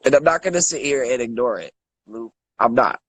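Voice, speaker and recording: Husky-voiced man, thirties, furious stammering rant. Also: medium pitch, lively intonation, brisk, no room sound, rough recording. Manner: angry, profane, stammering repeats. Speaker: guest. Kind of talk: angry rant.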